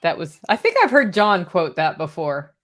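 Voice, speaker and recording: A woman's voice: lowish voice, sing-song, normal speed. A woman co-hosting a casual podcast, friendly and encouraging.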